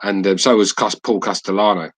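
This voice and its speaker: A man hosting a podcast, telling stories in a halting way with many restarts. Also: deep voice, steady tone, slightly rough, rough recording. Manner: halting, full of fillers and restarts. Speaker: podcast host. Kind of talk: casual chat, storytelling.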